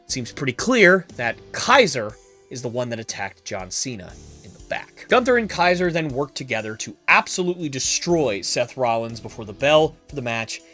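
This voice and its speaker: A man hosting a podcast, narrating a made-up wrestling storyline with animated, emphatic delivery. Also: medium pitch, normal speed, faint music behind. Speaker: podcast host.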